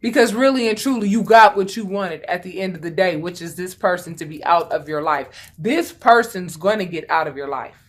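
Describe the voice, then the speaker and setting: A woman's voice: on the low side, expressive, moderate pace, few pauses. A woman giving a casual tarot reading, talking bluntly and chattily, swearing freely and repeating lines for emphasis. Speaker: tarot reader.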